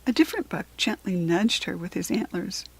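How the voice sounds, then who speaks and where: An American woman reads a children's storybook aloud, clear and expressive. Her voice is a little husky and breathy, at an ordinary pitch. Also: a little fast. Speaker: children's book reader.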